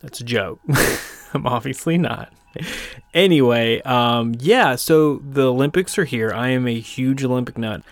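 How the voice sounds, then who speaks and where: A man's voice: medium pitch, a little slow, no echo. A man from the United States hosting a podcast in a casual, rambling way, with self-deprecating jokes and lots of fillers. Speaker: podcast host.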